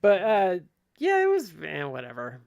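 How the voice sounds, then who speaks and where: A man's voice: high-pitched, huge pitch swings, normal speed, gravelly, no room sound, lo-fi sound. A man co-hosting a casual wrestling podcast, chatty and filling his talk with "like". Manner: chatty, filler-heavy with "like". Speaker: podcast co-host.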